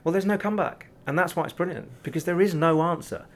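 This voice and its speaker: A man guesting as a business coach, telling his anecdotes briskly and chuckling at his own points. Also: on the high side. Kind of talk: anecdotal interview talk.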